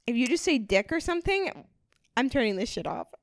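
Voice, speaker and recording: A woman's voice: on the high side, sing-song, a little fast, dry recording, studio quality. A young woman co-hosting a casual podcast, teasing and bossy, swearing casually. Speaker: podcast co-host. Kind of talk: casual chat.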